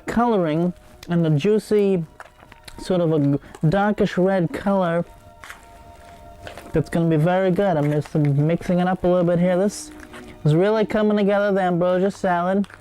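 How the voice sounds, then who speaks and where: A man's voice: high voice, mellow. A man hosting a comedic cooking show, rambling and digressing with many hesitations.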